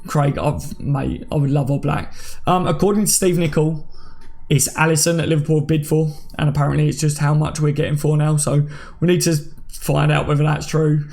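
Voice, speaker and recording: A man's voice: a little high, steady tone, normal speed, gravelly, darkish tone. A man in his thirties hosting a casual live stream, chatting with viewers and reading out their comments by name. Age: 30s. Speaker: livestream host.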